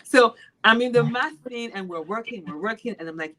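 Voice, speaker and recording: A Nigerian woman and maths teacher, telling classroom stories in an interview with lively laughter. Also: on the high side, fairly quick, low-quality recording. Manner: animated storyteller, laughs while retelling classroom moments. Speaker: special education maths teacher. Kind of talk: casual interview.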